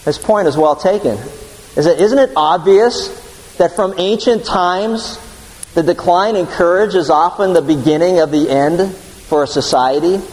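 A man delivers an earnest sermon, weaving in a story and acting out the lines of its characters. His voice sits a little high for a man. It rings with the long reverb of a large hall. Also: unhurried, a little mellow. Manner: storytelling with voiced quotes, earnest, restarts words. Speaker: preacher.

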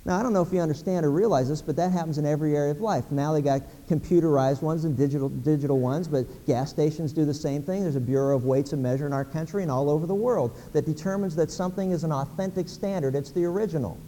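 A man's voice: on the high side, quick pace, hardly any pauses, warm tone, big-room sound. A middle-aged man from Pennsylvania preaching a sermon, folksy, acting out little everyday scenes. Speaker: pastor.

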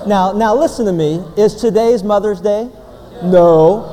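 A man preaching a sermon in a church with folksy jokes, talking straight to his congregation. His voice sits fairly high but sounds mellow. A long reverb fills the big room. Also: expressive, moderate pace, slight background noise. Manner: folksy, joking, addresses the congregation directly. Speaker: pastor. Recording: long reverb of a large hall.

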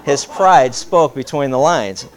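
A preacher telling an anecdote in a sermon, animated and voicing both sides of a conversation. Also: male voice, medium pitch, takes it slowly, a faint crowd. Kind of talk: sermon storytelling.

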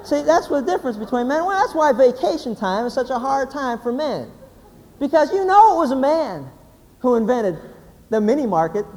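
A man, a pastor, giving a humorous sermon as an animated, joking storyteller. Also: very high-pitched. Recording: hall reverb, faint background noise.

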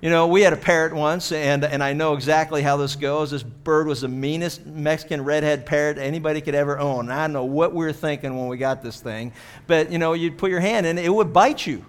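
A man's voice: a little high, brisk. A man from Pittsburgh, a pastor, telling a story in a chatty sermon full of "you know" asides.

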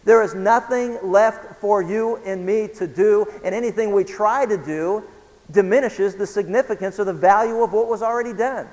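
High-voiced man preaching in a hall. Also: normal speed. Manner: dramatic preaching, swings from loud emphasis to hushed; asks listeners questions, chuckles now and then. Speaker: pastor. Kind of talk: sermon.

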